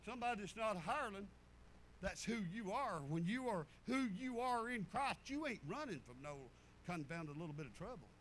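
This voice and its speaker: A man's voice: high voice, big pitch swings, moderate pace, a bit bright, slight background noise. A man, a pastor preaching a folksy sermon full of storytelling asides. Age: 50s.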